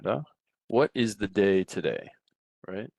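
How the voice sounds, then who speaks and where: A middle-aged man giving a recorded language lecture from a textbook, relaxed, often checking in with "right?" and restarting his sentences. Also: lowish voice, slow, creaky, no room sound. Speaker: Russian language teacher.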